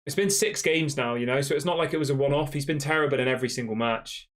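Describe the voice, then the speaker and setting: A man's voice: medium pitch, fast. Chatty man hosting a live stream. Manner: conversational, reads chat questions aloud, frequent fillers. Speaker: live stream host reading fan chat. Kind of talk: casual match reaction live stream.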